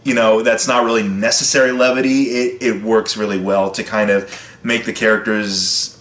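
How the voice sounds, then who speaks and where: A man giving a casual film review, chatty and loose, full of fillers and self-corrections. His voice sits on the low side. The room around him adds a noticeable echo. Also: level tone, normal speed, a bit bright. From United States. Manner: chatty, loose, frequent fillers and restarts, brief impressions of lines.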